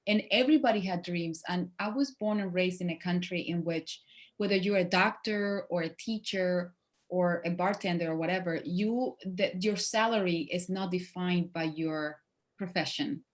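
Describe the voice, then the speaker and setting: A woman in her forties, speaking English with a Spanish accent in a casual interview, animated and laughing often as she acts out quoted lines. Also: fairly low pitch, moderate pace. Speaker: guest actress.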